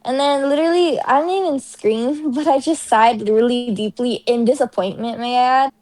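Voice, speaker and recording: A woman's voice: on the high side, normal speed, a little mellow, no echo. A young woman co-hosting a casual podcast as the younger sister, rambling through a story with hesitant fillers. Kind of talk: casual chat.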